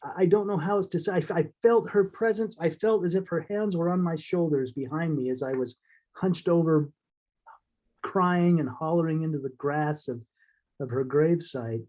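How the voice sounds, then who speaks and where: A man as an interview guest, telling a personal story in a halting, heartfelt way with fillers and restarts. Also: fairly high pitch, darkish tone.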